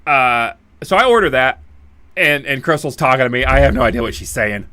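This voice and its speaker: Bright-voiced man telling a rambling story. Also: mid-range voice, lively intonation, a little fast. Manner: rambling, acts out quoted dialogue; frequent restarts and laughter. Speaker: podcast host. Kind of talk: casual storytelling.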